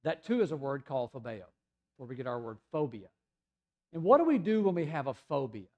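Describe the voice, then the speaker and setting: A man from the United States preaching a sermon in a conversational storytelling way, sometimes dropping to a soft, hushed voice. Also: medium pitch, very animated, a little fast, muffled recording. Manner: conversational storytelling, acting out voices of people in the scripture passage; drops to a soft, hushed voice in tender passages. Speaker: pastor.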